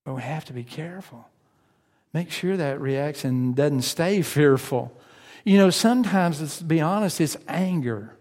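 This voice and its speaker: A man's voice: fairly high pitch, lively intonation, unhurried, a little mellow. Preacher man in a reverberant hall. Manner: conversational, asks the congregation questions, acts out inner voices. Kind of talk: sermon.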